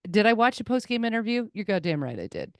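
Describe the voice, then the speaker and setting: A woman hosting a podcast, telling stories in casual chat with quick asides and little voices for the people in them. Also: mid-range voice, no echo, studio quality. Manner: animated storyteller, quick asides and put-on voices. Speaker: podcast host.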